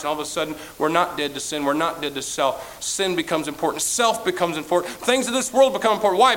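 Male preacher, sermon, impassioned, swells loud then drops quiet, higher-pitched voice. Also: slight background noise, poor audio. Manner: impassioned, repetitive, swelling to loud peaks then dropping low.

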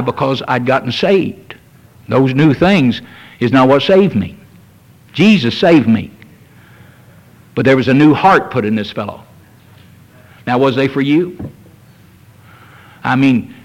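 Older pastor preaching. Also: male voice, medium pitch, rough recording. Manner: earnest, repetitive preaching with rising emphasis. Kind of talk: sermon.

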